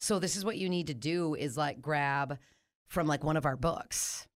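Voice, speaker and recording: A young adult woman co-hosting a podcast, teasing her friend and laughing in casual chat. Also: sits low. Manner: teasing, laughing, quick reactions. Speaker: podcast co-host.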